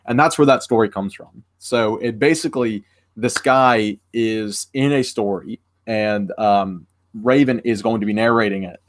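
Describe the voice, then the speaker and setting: A man's voice: fairly low pitch, unhurried. Rambling young man streamer. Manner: rambling with many fillers and restarts. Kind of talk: casual livestream chat.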